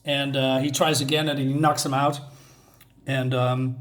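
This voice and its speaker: A man's voice: medium pitch, flat delivery, measured pace, fairly bright tone. A man casually reviewing a comic book for his channel, rambling with many filler words and restarts.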